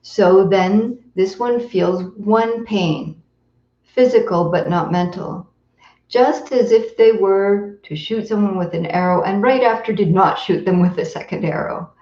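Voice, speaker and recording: A woman teaching meditation in a slow, gentle dharma talk, with tender pauses between her phrases. Her voice is mellow and soft-edged. The recording is roomy and a little dull, as if from a simple home stream. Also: medium pitch. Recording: roomy echo, dull lo-fi sound.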